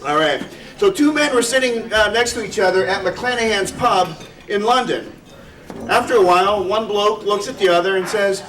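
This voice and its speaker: A man's voice: high-pitched, moderate pace. A man, a state representative, giving a short, self-deprecating speech and telling a joke at a senior center party. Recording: echoey hall from far off.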